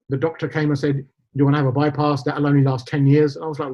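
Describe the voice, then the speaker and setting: A middle-aged man, a podcast guest, telling stories in an animated, chatty way. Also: fairly high pitch, quick pace. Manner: storytelling, animated. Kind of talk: casual interview chat. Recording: dull lo-fi sound.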